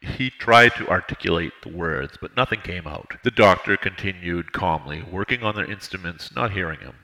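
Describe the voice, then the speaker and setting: A man narrating an audiobook in a measured, steady reading. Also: low-pitched, poor audio.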